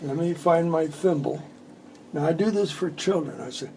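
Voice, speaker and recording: A man's voice: fairly high pitch, normal speed, a little mellow, a little hiss or hum, low-quality recording. A man in his eighties, a magician, chatting at home and telling rambling jokes between tricks. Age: 80s. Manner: joking, rambling storyteller. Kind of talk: casual chat with demonstrations.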